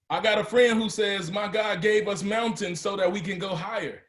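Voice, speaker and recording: A man's voice: high-pitched, measured pace, a bit bright, roomy sound. Emphatic motivational speaker, man. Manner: storytelling, rising to emphatic peaks. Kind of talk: motivational speech to a live audience.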